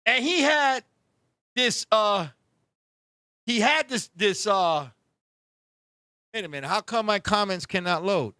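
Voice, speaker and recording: Male live-stream host with a very high, piercing voice. Animated, swears freely, laughs a lot. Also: slow, pauses often. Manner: animated, profane storytelling with frequent laughs. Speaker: talk show host. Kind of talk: casual live-stream chat.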